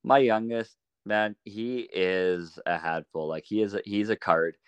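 A man on a podcast as a guest, telling animated anecdotes in a casual way and laughing often. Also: fairly low pitch, measured pace, smooth, no echo. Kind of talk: casual storytelling.

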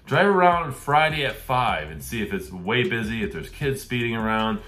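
A man's voice: medium pitch, lively intonation, moderate pace, fairly bright tone. A middle-aged man hosting a real estate advice show, talking casually and acting out the questions he would put to a seller. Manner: conversational, acts out questions to sellers.

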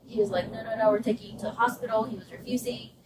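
A woman's voice: a little high, very fast. A woman hosting a podcast, casually telling a personal story and acting out the voices of the people in it. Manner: animated, acts out quoted voices. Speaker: podcast host. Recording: roomy, distant, loud vehicle noise.

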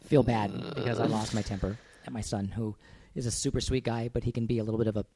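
A man's voice: lowish voice, fairly even intonation, quick pace, mellow, a little hiss or hum. A man co-hosting a podcast in casual chat, self-deprecating and playful, laughing often. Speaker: podcast co-host.

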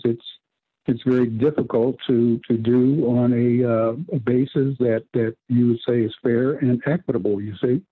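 Husky guy preaching on radio, stops and restarts a lot, keeps saying you see, sounds like a phone line. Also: medium pitch, no echo. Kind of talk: radio Bible teaching.

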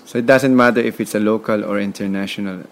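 A man's voice: lowish voice, fairly even intonation, fast talker, a little hiss or hum. A Filipino man with a Filipino accent, a podcast guest speaking in an emphatic, motivational way. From Philippines. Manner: emphatic, motivational, repeats words. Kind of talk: conversational interview.

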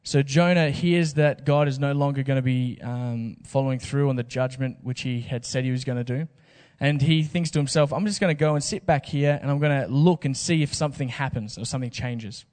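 A man's voice: mid-range voice, fairly even intonation, a little fast, few pauses, a little mellow, in a large hall. A man preaching a sermon in a casual, joking way with slang asides. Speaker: pastor.

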